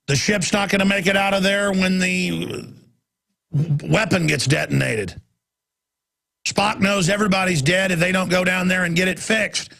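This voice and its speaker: A man hosting a talk radio show, ranting intensely and swinging from shouts to low, urgent tones. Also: normal speed, gravelly. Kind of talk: impassioned talk radio monologue.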